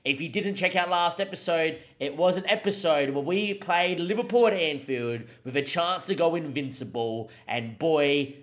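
A young man streaming a football management game, commentating the match himself and shouting at the big moments. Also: on the high side. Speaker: gaming streamer.

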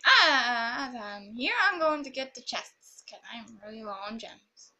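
A woman's voice: a little high, expressive, a little slow, sharp tone. A woman rambling and joking through casual gameplay commentary. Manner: rambling, silly and jokey. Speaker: gamer.

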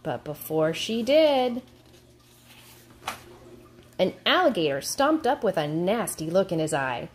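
A woman teacher reading a picture book aloud to her class, in a slow, expressive storytelling way. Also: on the low side, slight background noise.

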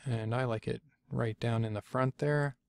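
Gravelly-voiced man narrating a casual screencast. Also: mid-range voice, steady tone, normal speed, no echo. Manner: chatty, thinks aloud, self-correcting. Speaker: software tutorial instructor.

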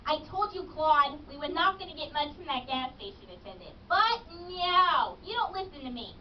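A woman's voice: high-pitched, lively intonation, moderate pace, a little hiss or hum, pitched above the performer's own voice. A woman voicing a nagging wife with a New Jersey accent, scolding her husband. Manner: scolding, complaining. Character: nagging woman, Bunny Hopper. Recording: distant, dull radio studio audio.

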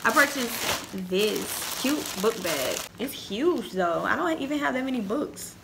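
Chatty young woman with a gravelly edge. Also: fairly high pitch, a little slow, background noise. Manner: chatty, excitable, addresses viewers directly. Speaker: haul vlogger. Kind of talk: casual chat to camera.

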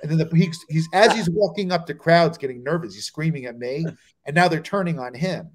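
A middle-aged man with a slightly higher voice tells a road story, bouncing between narration and snatches of quoted voices. He is from New Jersey and speaks as a comedian guest on a video call show. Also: expressive, brisk.

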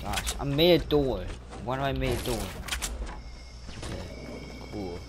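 Excitable male gamer, noisy recording. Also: mid-range voice, measured pace. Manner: excitable, switches between muttering and panicked yelling. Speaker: gaming channel host. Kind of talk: live gameplay commentary.

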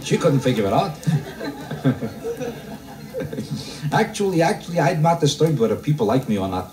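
A male stand-up comedian working a live crowd in a roomy club, heard a little off the mic. His pitch swings a lot as he kvetches in deadpan style and fires rhetorical questions at the audience. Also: far from the mic. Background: audience laughter.

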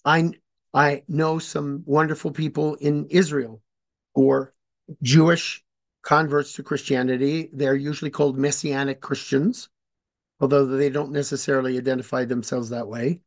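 A man giving an informal lecture, hesitant and deliberate with many fillers and restarts, explaining slowly and spelling words out. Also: mid-range voice, level tone. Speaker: speaker on religious history.

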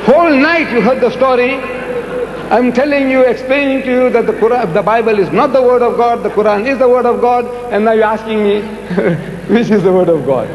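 An older man answering audience questions in a public debate, animated and rhetorical, repeating words for emphasis. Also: extremely high pitch, fairly quick, highs cut off, a little hiss or hum. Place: large lecture hall. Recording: echoey hall with faint music.

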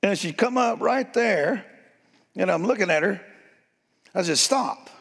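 An older man, preaching a sermon and telling stories in a folksy, playful way, with a gravelly, husky voice. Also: sits high, lively intonation, a little slow. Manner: folksy, playful, addresses crowd as y'all. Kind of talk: sermon storytelling. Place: church sanctuary. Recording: long hall reverb.

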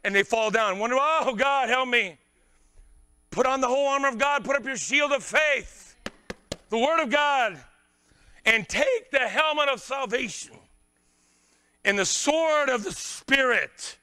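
Fervent high-voiced male preacher. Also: expressive, measured pace, clean tone. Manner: fervent preaching, swinging from shouts to hushed tones. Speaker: pastor. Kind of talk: sermon.

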